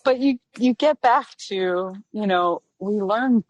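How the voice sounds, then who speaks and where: A woman's voice: mid-range voice, takes it slowly, dry recording. A woman in casual chat, affirming and reflective as she responds to a story.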